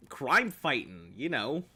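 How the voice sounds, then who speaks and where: A man's voice: medium pitch, huge pitch swings, slow pace, sharp tone, breathy edge. A man streaming gameplay, joking playfully with his viewers and laughing often. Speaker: game streamer. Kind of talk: gameplay commentary chatting with viewers.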